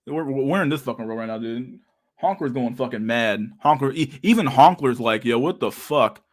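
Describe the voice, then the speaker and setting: A man's voice: medium pitch, animated, moderate pace. A young man hosting a casual livestream chat, talking in a profane, slangy and sarcastic way, often laughing. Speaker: livestream host.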